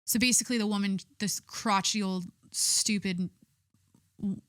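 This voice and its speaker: A woman's voice: medium pitch, steady tone, moderate pace, fairly bright tone, no room sound, studio quality. A young adult woman hosting a podcast solo, chatting casually in a rambling way full of fillers and frequent swearing. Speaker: podcast host.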